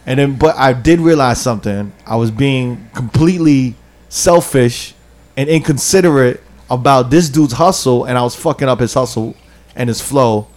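A man's voice: medium pitch, normal speed, a little mellow. A young man telling a rambling, slang-filled story to friends and acting out the people in it. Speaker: podcast co-host telling a story. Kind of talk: casual storytelling among friends.

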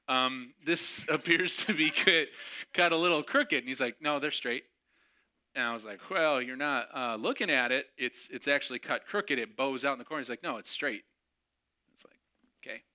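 A middle-aged man tells a long story from the pulpit in a loose, joking way, acting out both sides of a quarrel. His voice is very bright and forward, and his pitch sits in the ordinary middle for a man. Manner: chatty, self-mocking, acts out dialogue with laughs. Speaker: pastor. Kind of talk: sermon storytelling.

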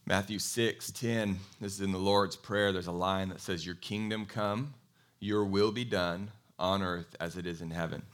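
A man preaching a sermon in a conversational, animated way, telling a Bible story and asking his congregation questions. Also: deep voice, moderate pace. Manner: animated storytelling, acts out quoted voices. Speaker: pastor.

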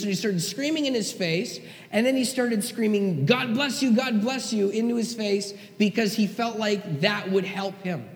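High-voiced pastor preaching in an echoey hall. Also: male voice. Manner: conversational, emphatic, checks in with the room. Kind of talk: sermon.

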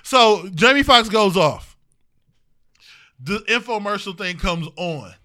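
A man from the US Midwest with a strikingly high, piercingly bright voice. He tells rowdy, profane stories in loose podcast banter and laughs through them. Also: takes it slowly. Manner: animated, profane storyteller who laughs a lot. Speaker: podcast co-host.

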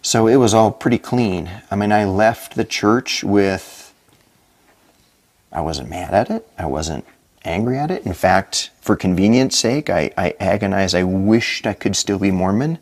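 A middle-aged man appears as a podcast guest, earnestly recounting his own story and acting out what he and others said. His voice is fairly low, and he speaks at a measured pace.

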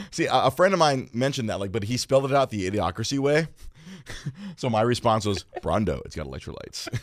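A man hosting a podcast, chatting casually in a crude, animated way, laughing often and shouting out quoted lines. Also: medium pitch, brisk, no echo, clean studio sound. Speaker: podcast host. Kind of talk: casual chat.

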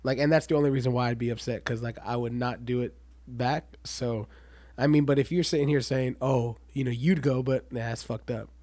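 A young man co-hosting a casual podcast, blunt and excitable, often laughing as he talks. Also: mid-range voice, fairly quick, dry recording. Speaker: podcast co-host. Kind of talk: casual chat.

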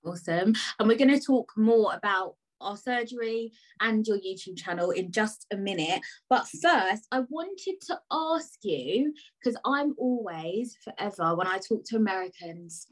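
A woman's voice: mid-range voice, lively intonation, unhurried, few pauses, rough recording. A woman with a British accent hosting a podcast, chatting and asking her guest questions in a casual, filler-laden way. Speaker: podcast host. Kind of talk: casual interview chat.

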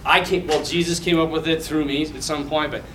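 In a casual teaching talk to a mixed group, a man with a high, bright voice leads a Bible class briskly and animatedly, loose and full of fillers and restarts. He stands some distance from the mic in an echoey room, with slight background noise.

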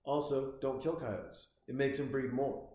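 Man hosting a loose comic monologue, rambling, profane, lots of restarts, mid pitch, heavy room echo. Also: fairly even intonation, measured pace, dark tone. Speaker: host. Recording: very echoey room.

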